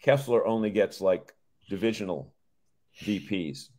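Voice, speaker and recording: Low-voiced joking male co-host. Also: unhurried, darkish tone. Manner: joking, rambling with restarts. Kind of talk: casual chat.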